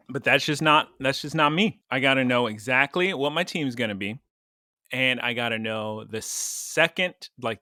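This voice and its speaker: A man's voice: medium pitch, bright, forceful tone, no room sound, clean studio sound. A man co-hosting a podcast, chatting casually and rambling, laughing now and then. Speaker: podcast co-host.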